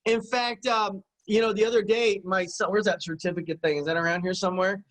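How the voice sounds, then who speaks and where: Middle-aged guy, highish voice, motivational business coach, keeps asking the room "right?". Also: fairly even intonation, fairly quick, fairly bright tone, poor audio. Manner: emphatic, repetitive, keeps checking in with the audience. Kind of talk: motivational teaching talk.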